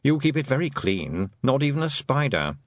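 A man reads an audiobook in clean, echo-free studio sound, voicing a glum, cautious talking toad that hesitates mournfully. He uses a sing-song, medium pitch raised above his natural voice, at normal speed.

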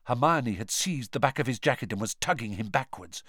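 A man reads a story aloud with dramatic, expressive delivery. His pitch moves a lot and his voice is bright and forward. The sound is dry and close, with no room echo. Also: fairly quick. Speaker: audiobook narrator. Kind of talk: scripted narration.

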